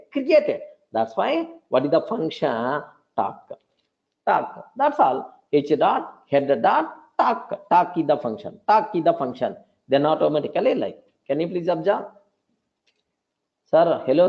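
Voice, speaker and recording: A man's voice: fairly high pitch, gravelly. A man teaching a beginner programming lecture who keeps repeating words and calls his listeners "sir". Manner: repetitive, addresses listeners as sir. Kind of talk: live coding lecture. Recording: dull lo-fi audio.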